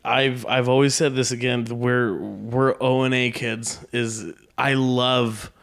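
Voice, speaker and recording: A man's voice: mid-range voice, little pitch movement, slow, a bit bright. A man chatting casually with other comedians, telling stories loosely and profanely and acting out voices.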